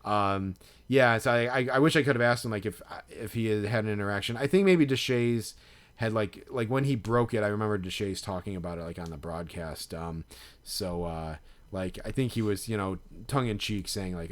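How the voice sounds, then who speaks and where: A man's voice: lowish voice, moderate pace. Rambling man co-hosting a podcast. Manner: rambling storyteller with many fillers. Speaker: podcast co-host. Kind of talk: casual chat.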